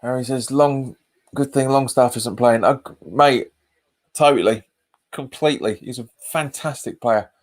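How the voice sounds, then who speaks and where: A man at a middling pitch talks casually through a live football watch-along. He reads out viewer comments and answers them, often saying the same phrase twice. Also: measured pace. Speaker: fan channel host.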